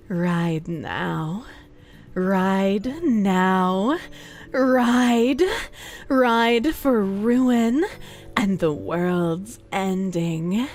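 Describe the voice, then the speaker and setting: A woman reading out a king's rallying call to his riders in a slow, low, put-on sultry voice. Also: a little mellow. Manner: slow, low, breathy and drawn out. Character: sultry, commanding king rallying riders to war.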